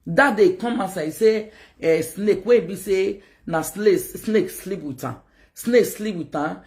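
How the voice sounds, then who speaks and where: Animated Nigerian woman ranting to camera. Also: fairly low pitch. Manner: rambling, animated, mixes pidgin with local-language phrases. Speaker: online video host. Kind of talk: casual rant to camera.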